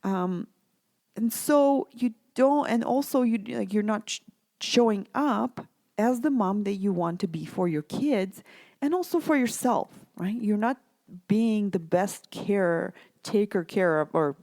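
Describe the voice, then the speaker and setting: A supportive woman coach speaks straight to mothers in a chatty podcast monologue. Her voice is warm and mellow, and the sound is close and dry with no room around it. She keeps checking in with the listener as she goes. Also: mid-range voice, expressive, measured pace, dry recording. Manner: conversational, repeatedly checks in with "right?" and "okay?"; supportive, reassuring. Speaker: parenting coach and podcast host.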